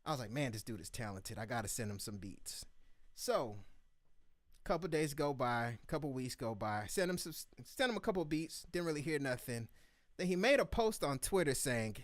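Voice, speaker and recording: Animated male beat-review host, dry sound. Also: medium pitch, moderate pace, no room sound. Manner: animated storyteller acting out quotes. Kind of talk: casual livestream storytelling.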